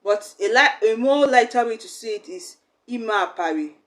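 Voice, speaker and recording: A woman's voice: a little high, expressive, normal speed. A young woman, teaching a language lesson in a chatty, explaining way. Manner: chatty, acts out little quoted exchanges.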